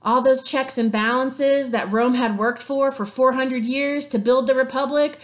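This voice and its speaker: A woman's voice: sits high, fairly even intonation, measured pace. A woman teacher giving a playful, chatty history lesson with sarcastic asides. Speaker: sixth grade teacher.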